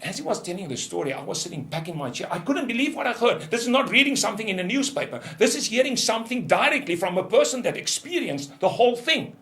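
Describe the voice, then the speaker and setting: An older ministry leader preaches a testimony, storytelling intensely as he shifts from loud outbursts to hushed lows. He's very animated and fast, barely pausing at all.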